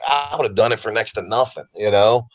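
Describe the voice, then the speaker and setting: A man with a baritone voice and a light Southern American accent, a guest talking in a relaxed, rambling way over a remote call. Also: brisk, dull audio. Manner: relaxed, rambling, comfortable speaker. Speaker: interview guest. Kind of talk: casual interview talk.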